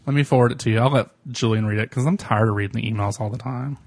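A man's voice: mid-range voice, fast talker, darkish tone, no echo. A man hosting a podcast in casual chat, giggly and swearing freely. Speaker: podcast host.

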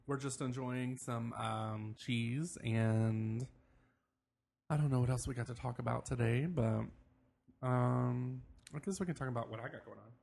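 A young man co-hosts a casual podcast, his mid-range voice carrying a gravelly edge. He rambles loosely, drifting from one point to the next. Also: medium pitch, fairly even intonation, measured pace, a little mellow. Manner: rambling, talks while eating. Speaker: podcast co-host. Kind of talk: casual chat.

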